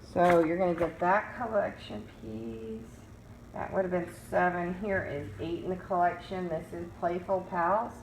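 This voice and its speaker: A woman with a lowish voice chats her way through a show-and-tell of craft items. She rambles, restarts and coos over anything cute. A faint noise sits under the recording. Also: steady tone, measured pace, vocal fry, poor audio. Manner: chatty, rambling, cooing over cute designs. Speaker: craft seller.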